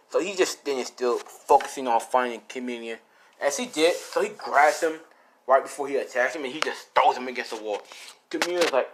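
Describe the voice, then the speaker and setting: A man's voice: medium pitch, brisk, a bit bright, slight background noise. A young man improvising a fan-fiction story, rambling and casual, swearing often and full of fillers.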